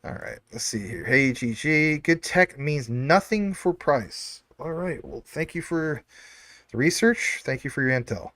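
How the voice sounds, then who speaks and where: A man's voice: on the high side, expressive, unhurried, a bit bright, no echo. A man hosting a casual livestream, reading viewer comments in a rambling, filler-heavy way. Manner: rambling, many fillers, chatty asides. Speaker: crypto livestream host.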